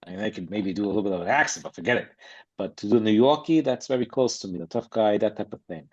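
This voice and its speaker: A man with a fairly low voice talks fast as a podcast guest, discussing acting in blunt, emphatic, streetwise terms. It's casual interview chat, and the recording has a slightly dull, lo-fi quality.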